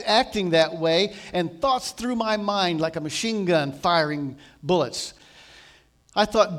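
High-voiced man preaching animatedly. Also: slow. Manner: animated storytelling, voicing quotes with swings from loud to soft. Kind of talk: sermon retelling a story.

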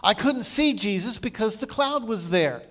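A man preaching a sermon, retelling a story with animated delivery and quoting voices that swing from loud to hushed. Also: sits high, moderate pace.

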